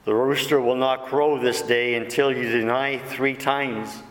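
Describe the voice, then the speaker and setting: Slow-speaking male deacon in echoey hall. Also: mid-range voice, fairly even intonation, a bit bright. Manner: slow, reads scripture aloud with quoted dialogue. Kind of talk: sermon.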